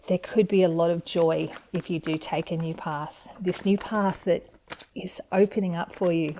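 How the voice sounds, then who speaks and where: A woman's mellow, relaxed voice reads tarot cards for her viewers. She speaks in a gentle, encouraging way and sounds openly excited about each card. It comes across as a home video made in front of a camera. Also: fairly low pitch, a little hiss or hum. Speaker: tarot reader.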